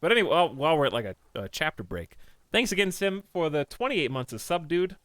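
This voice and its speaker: A man's voice: on the high side, sing-song, quick pace, a bit bright, no room sound. A man streaming a game, rambling casually and talking straight to his chat. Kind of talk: casual livestream chat while playing a game.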